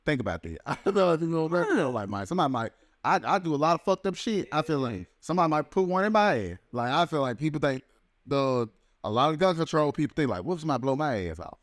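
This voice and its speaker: A man's voice: fairly high pitch, expressive, no room sound. A man, co-hosting a podcast and telling rambling, profane stories with many halts. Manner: rambling storyteller, profane and halting. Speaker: podcast co-host. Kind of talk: casual podcast chat.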